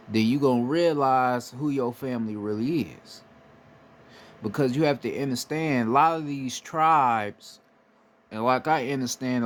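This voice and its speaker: A man from the United States giving a casual, emphatic monologue, swearing freely and often asking "right?" to drive his points home. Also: medium pitch. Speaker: spiritual commentator.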